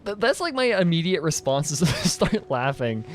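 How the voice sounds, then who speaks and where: A man's voice: on the high side, very animated, moderate pace. A young man streaming a game, chatting casually with his chat in a rambling way, laughing often and full of fillers and restarts. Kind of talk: casual chat while gaming, reading chat.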